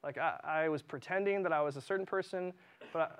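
A male preacher with a high-pitched voice, giving a sermon in a church. He reads scripture with fervor, then drops into casual asides full of "um"s. His delivery is impassioned and conversational. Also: fast talker, clear, resonant tone.

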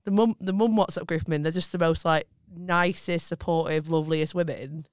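A woman's voice: deep voice, fairly even intonation, a little fast, no echo, clean studio sound. A woman in her late thirties, a comedian, chatting casually and expressively. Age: 30s. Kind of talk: casual chat.

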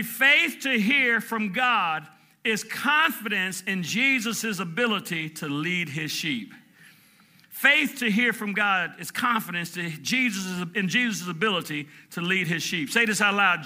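A man in his fifties preaching a sermon from Michigan, shouting call-and-response lines and chanting repeated words. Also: high voice, lively intonation, measured pace. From Michigan, USA. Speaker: pastor.

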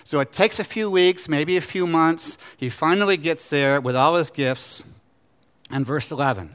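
A middle-aged pastor preaching in a voice that sits a little high for a man. He is animated and conversational, leaping up in pitch when he voices the people in the story, then dropping low and quiet to make a point. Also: normal speed, smooth. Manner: animated, acts out scripture characters in paraphrase. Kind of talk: sermon.

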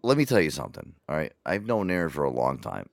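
A man's voice: rumbling low, sing-song, fast talker, gravelly, dry recording, studio quality. A man hosting a casual show, rambling and swearing, with lots of "like" and "you know". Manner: rambling, profane, full of fillers. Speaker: show host. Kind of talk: casual radio-show chat.

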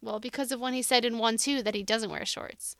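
Podcast co-host, woman, gravelly yet smooth voice, dry close sound, casual recap chat. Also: a little high, brisk, no room sound. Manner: animated retelling, quoting lines with laughs.

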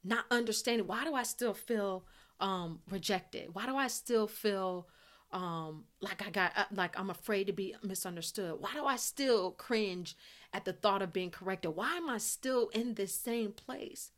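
A woman's voice: mid-range voice, a little slow. A woman hosting a devotional podcast, teaching in an earnest way and repeating phrases for emphasis. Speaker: podcast host.

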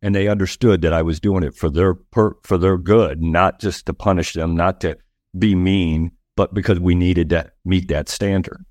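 A man's voice: deep voice, fairly even intonation, moderate pace, a little mellow, dry recording, clean studio sound. A man in his sixties, a guest on a talk show, speaking firmly and emphatically about leading people, repeating himself to drive a point home. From United States. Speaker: guest, retired army officer. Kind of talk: conversational talk on leadership.

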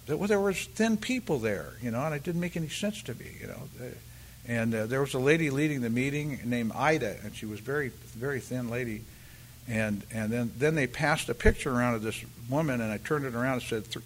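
An older man giving a halting, rambling personal share at a recovery meeting, full of restarts and "you know," and acting out the voices of the people in his story. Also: mid-range voice, animated, a little hiss or hum. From California, US. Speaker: speaker sharing at a recovery meeting.

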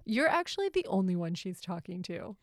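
A middle-aged mother chatting on her podcast, telling family stories and acting out what was said. Her voice sits in a middling pitch and is recorded close and dry. She laughs often as she talks. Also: sing-song, brisk, no room sound. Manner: chatty storytelling, laughs often, acts out quotes. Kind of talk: casual chat.

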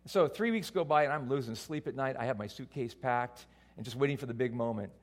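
A man preaching a sermon to a church congregation, telling a personal story in an animated, self-mocking way. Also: medium pitch, brisk. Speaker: pastor.

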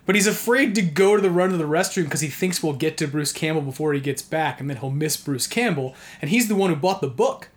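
A man from New York telling a story in casual chat, animated and laughing often, with many "like" fillers. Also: fairly high pitch, a little fast, few pauses. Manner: heavy use of "like" as filler.

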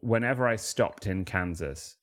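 A man's voice: fairly low pitch, unhurried. A man with a Mancunian accent, a comedian guest telling wry, rambling anecdotes in casual chat. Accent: Mancunian English. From Manchester, England. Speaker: guest, comedian and freestyle rapper.

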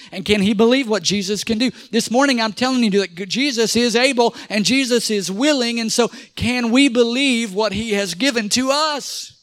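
A man with a notably high voice preaches in church, lively and calling for amens and for the congregation to repeat after him. The sound is dry and close, with little room echo. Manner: animated preaching with call-and-response to the congregation. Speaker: pastor. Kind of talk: sermon.

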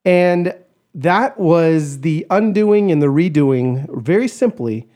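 A man tells a personal story as a podcast guest, animated and expressive, slipping into the voices of the people in it. His voice sits a little high but sounds mellow and warm. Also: slow pace. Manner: animated, acts out quoted voices, shouts in retelling.

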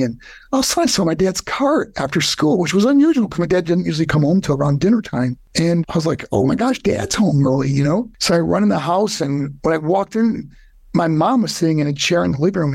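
An older man, a podcast guest, telling a heartfelt personal story in an earnest way, his voice climbing high when he is moved. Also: vocal fry, a little mellow, husky, no echo.

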